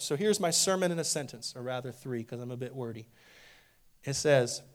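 A man preaching a sermon as a pastor, with impassioned, repetitive phrasing that swings from loud emphasis to hushed intensity. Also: on the high side.

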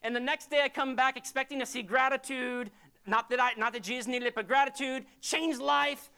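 A man's voice: extremely high pitch, fairly even intonation, brisk, bright, forceful tone, smooth. A man preaching a sermon as a pastor, in a conversational, emphatic storytelling way.

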